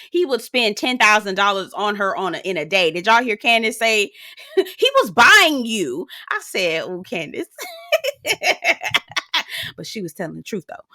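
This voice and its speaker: A woman's voice: medium pitch, sharp tone, dry recording, clean studio sound. A woman recapping a reality show in casual commentary, sassy and profane, mimicking the cast and laughing often.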